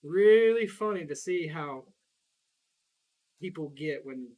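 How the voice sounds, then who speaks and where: A man's voice: a little high, expressive, slow pace, a little mellow. A young man with a Southern US accent, rambling in casual, profane chat while he plays a game, laughing often. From Southern United States. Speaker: gaming streamer.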